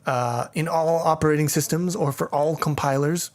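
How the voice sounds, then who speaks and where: A man's voice: a little high, moderate pace. A man giving a casual programming tutorial, explaining step by step with irreverent jokes and profane asides. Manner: thinks aloud with fillers and restarts. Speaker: programming teacher.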